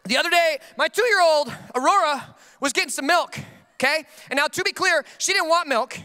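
A young adult man preaching a sermon as pastor, telling stories with comic, animated outbursts. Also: very high voice, moderate pace. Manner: comedic storytelling with animated outbursts.

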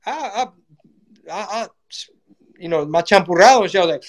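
Animated, profane man. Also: high-pitched, a little fast, pauses often. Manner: animated, profane, acts out quotes in voices. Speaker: comedian and channel host. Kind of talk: casual political monologue.

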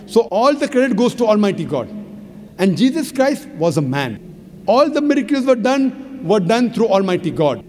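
A man with a strikingly high voice delivers an emphatic public lecture, methodically ticking off chapter and verse references. His voice rings out with a long hall reverb over a faint background hiss. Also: very animated, moderate pace, a little mellow. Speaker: religious lecturer. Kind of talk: public lecture answering an audience question.

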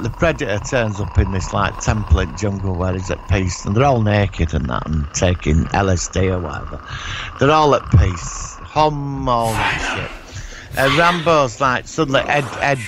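A man's voice: fairly low pitch, noisy background. Man rambling through a story. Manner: rambling, animated retelling with sound effects and swearing. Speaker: podcast co-host. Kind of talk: casual chat.

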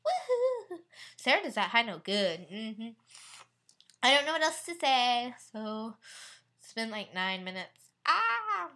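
A woman's voice: fairly high pitch, very animated, a little slow, pushed and bright. A teenage girl vlogging in a casual, rambling way, bubbly and giggly, with lots of "like" and fillers. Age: teen. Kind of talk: casual rambling vlog chat.

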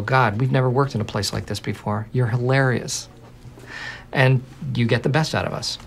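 A man speaking in a low-key, conversational way in a played clip. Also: fairly even intonation, moderate pace, gravelly. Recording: faint music underneath.

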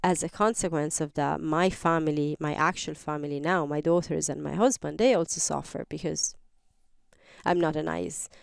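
A woman's voice: low voice, moderate pace, gravelly, smooth, no room sound, clean studio sound. A woman hosting an advice podcast, explaining earnestly and step by step with examples. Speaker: podcast host. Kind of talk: advice talk.

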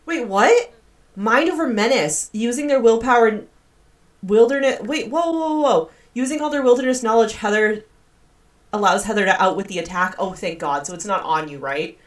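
A woman's voice: medium pitch, a little fast. A young woman giving casual gameplay commentary, chatty, gasping and squealing in disgust. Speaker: gaming video creator.

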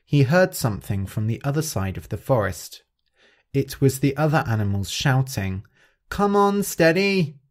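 A man hosting a story podcast, narrating clearly and expressively for English learners. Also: mid-range voice. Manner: clear, expressive, carefully paced.

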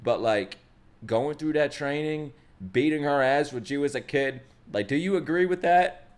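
A man giving casual reaction commentary as an anime reaction streamer, excitable and swearing freely. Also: fairly high pitch, normal speed.

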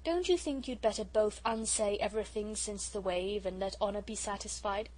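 A woman reading an audiobook, voicing a gentle, sensible girl who speaks honestly and soothingly. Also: mid-range voice, normal speed, close to an everyday voice, low-quality recording.

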